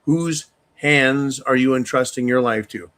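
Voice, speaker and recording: A man hosting a live-stream rant, angry and profane, with sudden loud outbursts. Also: medium pitch, measured pace. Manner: angry, profane, shouting bursts. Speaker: channel host.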